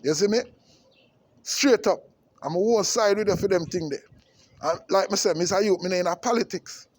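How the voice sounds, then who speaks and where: High-voiced Jamaican man ranting emphatically. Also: normal speed. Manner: emphatic and repetitive, with frequent tag questions. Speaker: vlogger. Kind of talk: impassioned political rant.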